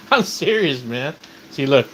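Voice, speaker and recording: A man's voice: fairly high pitch, big pitch swings, slow pace, fairly bright tone, a little hiss or hum. A man live streaming from outside his house, rambling in casual chat, repeating words and swearing when he gets riled up. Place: outdoors near his house.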